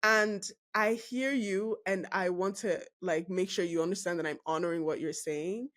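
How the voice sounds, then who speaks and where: A woman from Nigeria with a Nigerian English accent, hosting a casual podcast interview, animated and emphatic, laughing often and restarting her sentences. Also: on the low side, normal speed. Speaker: podcast host.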